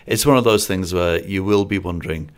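A man's voice: sits low, a little fast, clear, resonant tone. A man co-hosting a film review podcast, chatting casually and rambling a little with restarts and asides. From Singapore-based. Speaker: film critic podcast co-host.

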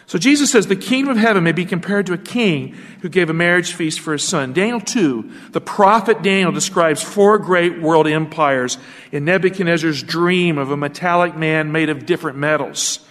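A man preaches as a pastor, teaching from scripture and pausing to put rhetorical questions to his listeners. His voice sits high for a man. A long reverb trails behind his words. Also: a bit bright. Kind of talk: sermon.

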